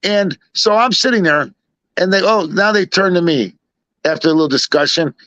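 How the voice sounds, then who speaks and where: A man's voice: high voice, normal speed, no echo. Rambling storyteller man from Chicago. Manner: rambling, animated retelling with many asides. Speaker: storyteller guest. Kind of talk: casual anecdote telling. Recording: dull lo-fi dry recording.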